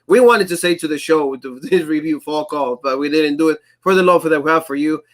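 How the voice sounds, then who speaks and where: Co-host, male, accented English, slightly high voice, animated and chatty. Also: brisk. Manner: animated, frequently acts out quotes in shifting voices; speaks English with a non-native accent. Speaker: co-host of a wrestling review show. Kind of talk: casual podcast chat.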